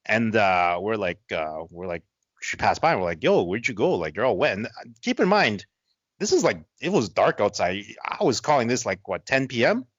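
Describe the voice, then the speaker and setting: A man with a lively, swooping voice who leaps into a high register when he acts out what others said. He tells the story in a loose, chatty way, and the sound is dry. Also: moderate pace, no echo, dull audio. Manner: animated, swings into high-pitched quoting. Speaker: podcast co-host. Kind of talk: casual storytelling chat.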